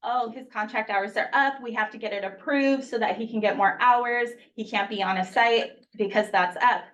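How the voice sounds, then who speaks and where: A mother in her thirties makes a public comment to a school board, earnest and at times choked with feeling. She stands some way back from the podium mic, so her voice sounds a little distant in the meeting room. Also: mid-range voice. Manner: emotional, earnest, rushed at times. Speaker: parent speaking at public comment.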